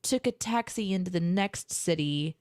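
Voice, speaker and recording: A woman's voice: fairly low pitch, expressive, normal speed, a little mellow, no room sound, clean studio sound. A woman co-hosting a live stream, chatting in a rambling, easygoing way. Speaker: co-host. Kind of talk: casual live-stream chat.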